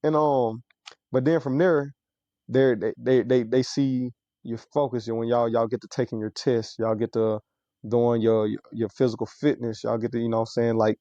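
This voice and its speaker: A man's voice: medium pitch, little pitch movement, normal speed, dark tone, dry recording. A man from Mississippi with a Southern accent, a podcast guest with a military background, talking in a rambling, casual way and often repeating words. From Mississippi, USA. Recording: dull, dry podcast audio.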